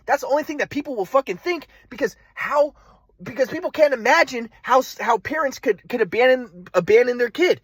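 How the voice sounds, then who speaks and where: A man's voice: very high voice, animated, brisk, fairly bright tone, husky, no room sound. A man telling a personal story in a rambling, agitated, profane monologue. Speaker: vlogger.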